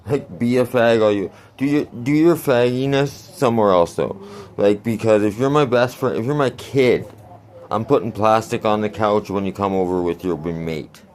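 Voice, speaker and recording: A man's voice: fairly low pitch, moderate pace, darkish tone. A man in his forties telling a rambling, crude story in a casual vlog, laughing often. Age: 40s. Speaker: vlogger.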